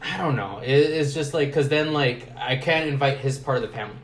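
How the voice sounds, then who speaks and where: Guy on a podcast, talks slow and halting, echoey room, some hiss. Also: mid-range voice. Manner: halting, reflective, many restarts. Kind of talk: casual chat.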